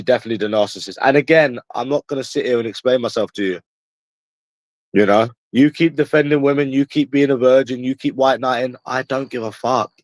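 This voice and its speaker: A Londoner with a mid-range voice rants at his stream's chat, confrontational and full of swearing and repetition. The recording has no echo.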